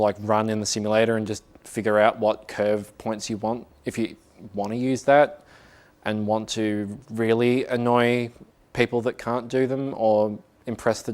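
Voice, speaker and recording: A man's voice: fairly low pitch, darkish tone. A man giving a casual tech talk at a meetup, chatty and self-mocking, with many filler words. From Australia. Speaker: meetup speaker. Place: office meeting room.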